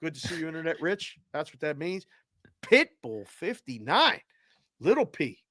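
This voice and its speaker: A male host on a live show, cheerfully reading out viewer shout-outs with names and area codes. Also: fairly high pitch, very animated, moderate pace, dry recording, studio quality.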